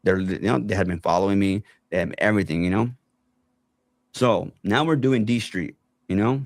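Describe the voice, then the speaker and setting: Gravelly low-voiced man telling a story. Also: moderate pace, no echo. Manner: animated retelling, acts out other people's lines. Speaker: guest telling his story. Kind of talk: casual storytelling.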